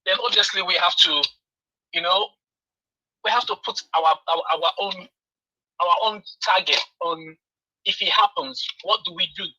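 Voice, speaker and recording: A man's voice: high voice, animated, moderate pace, gravelly, pauses often, bright, forceful tone. A man calling in to a talk show, speaking hesitantly with many fillers. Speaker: caller. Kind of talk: call-in radio comment. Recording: tinny lo-fi phone line.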